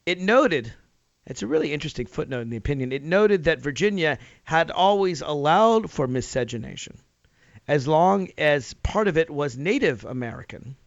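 A man's voice: fairly high pitch, expressive, normal speed, gravelly, dry recording, highs cut off. A man from Tennessee hosting a radio talk show, arguing his point with rhetorical questions and emphatic rises. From Nashville, Tennessee, US. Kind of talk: opinion talk radio monologue.

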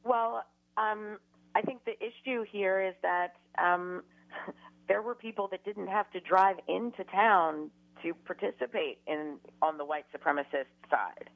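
Woman guest on radio, gravelly fry, muffled lo-fi line, hesitant. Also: medium pitch, a little slow. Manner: hesitant, with many fillers. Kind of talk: radio interview. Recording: dull lo-fi line.

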